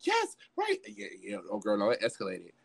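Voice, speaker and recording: A man's voice: fairly low pitch, huge pitch swings, normal speed, creaky, breathy edge, dry recording. A young man telling a story in casual chat, dramatic and acting out every quote. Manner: dramatic, acts out the quotes, swears freely. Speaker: podcast co-host telling a story.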